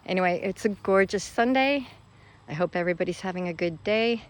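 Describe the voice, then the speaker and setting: A woman's voice: fairly low pitch, a little fast. A woman vlogging from her garden, talking casually in a rambling, self-deprecating way full of fillers. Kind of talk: casual rambling vlog talk. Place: outdoors in a garden.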